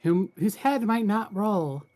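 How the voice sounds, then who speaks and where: A woman's voice: mid-range voice, expressive, slow pace, warm tone, slight background noise. A woman playing in a tabletop game stream, teasing and a bit sarcastic in casual chat. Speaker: player.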